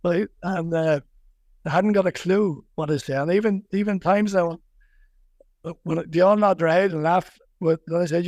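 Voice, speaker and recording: Middle-aged Wexford Irish man, fairly high voice, close dry mic, rambling guest who restarts often. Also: moderate pace, darkish tone, no room sound. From Ireland. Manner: rambling, many restarts and repeated words, laughs easily. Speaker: boxing coach, guest. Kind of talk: casual podcast interview.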